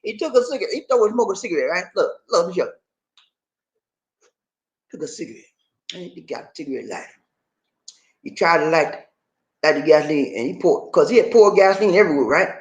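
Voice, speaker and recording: Animated joking man, swooping voice. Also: fairly high pitch, quick pace, pauses often, lo-fi sound. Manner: loose and joking, repeats himself, talks to the audience. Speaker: host. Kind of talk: animated news-story commentary.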